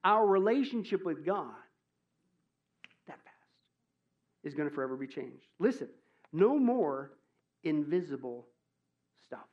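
High-pitched guy preaching, jokey and animated, goes loud then real quiet, kinda dull lo-fi sound. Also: a little slow, pauses often. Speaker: pastor. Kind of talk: sermon.

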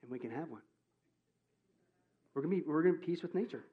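A man preaching a sermon as pastor, joking and animated, swinging from loud exclamations to hushed asides. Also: fairly high pitch, a little fast, phone-quality sound.

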